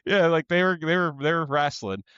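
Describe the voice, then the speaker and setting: A man's voice: a little high, fairly quick, smooth, no echo, lo-fi sound. A man co-hosting a podcast, telling stories in casual chat and acting out quotes along the way. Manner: animated storytelling, acts out quotes. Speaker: podcast co-host.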